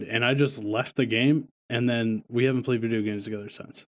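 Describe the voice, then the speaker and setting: A male podcast co-host in a casual chat, telling stories with loose, profane humor. He laughs often as he talks, and his pitch sits in a middle range for a man. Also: fairly even intonation, fairly quick.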